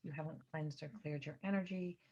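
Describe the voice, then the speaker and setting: A woman's voice: low-pitched, fairly even intonation, a little fast, dark tone. A woman giving a channeled astrology reading at home, talking in an earnest, rambling and emphatic way. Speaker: psychic reader. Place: indoors at home by a window. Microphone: computer camera mic. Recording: slightly dull lo-fi recording.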